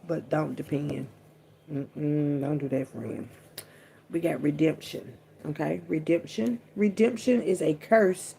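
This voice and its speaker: Gravelly-voiced woman ranting casually. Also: deep voice, slight background noise. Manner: profane, animated, drawn-out emphasis, frequent asides. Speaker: vlogger. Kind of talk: casual rambling monologue to camera.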